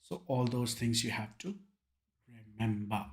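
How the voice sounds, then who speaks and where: A man's voice: on the low side, steady tone, a little slow. An emphatic young male teacher with an Indian English accent, running through exam revision points. He drills key terms one by one, slipping Hindi words into his English. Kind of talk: online revision lecture.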